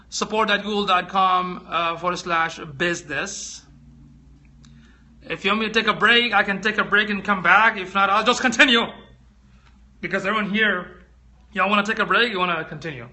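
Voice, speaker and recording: A man hosting a casual live stream, chatting with viewers and asking them lots of questions as he walks through tech products. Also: sharp tone. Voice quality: squeaky voice. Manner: chatty, addresses viewers directly, asks many questions.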